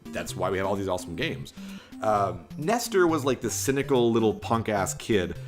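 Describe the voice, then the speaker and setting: Brief: Canadian guy in his twenties, low and animated, self-mocking game commentary. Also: moderate pace. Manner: joking, rambling, self-deprecating. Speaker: gaming channel host. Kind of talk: casual let's-play commentary. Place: home room, construction outside. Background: game music.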